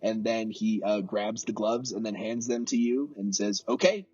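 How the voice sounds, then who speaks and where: A man's voice: lowish voice, level tone, moderate pace, darkish tone, slightly rough. A man narrating as game master of a tabletop role-playing game, talking hesitantly with many fillers. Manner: hesitant, many fillers and restarts, laughs easily. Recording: dull lo-fi mic.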